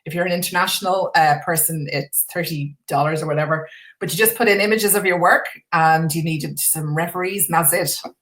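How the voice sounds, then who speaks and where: A woman's voice: sits low, brisk, fairly bright tone. An Irish woman chatting casually as a guest on a live stream, enthusiastic and full of restarts. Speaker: guest artist.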